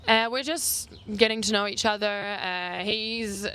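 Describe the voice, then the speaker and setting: A woman's voice: medium pitch, a bit bright, smooth. A young woman from New Zealand, a travel vlogger answering viewer questions in a casual, rambling chat full of "like". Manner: chatty, heavy use of "like", quick asides. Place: outdoors on an island.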